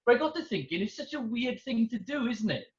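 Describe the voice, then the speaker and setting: Wry British stand-up comedian, high voice. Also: male voice, fast talker. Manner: wry, deadpan observational. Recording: roomy, dull-sounding.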